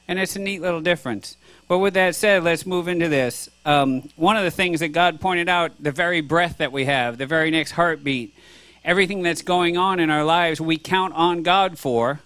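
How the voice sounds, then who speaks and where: A man's voice: on the high side, normal speed, fairly bright tone, no echo. A man preaching a sermon to a congregation, earnest and conversational, with frequent restarts. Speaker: pastor.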